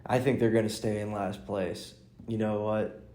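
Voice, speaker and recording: A man's voice: fairly low pitch, flat delivery, moderate pace, dark tone. A man hosting a casual solo podcast, rambling through stories, restarting his sentences and chuckling. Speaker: podcast host and stand-up comic. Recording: roomy echo.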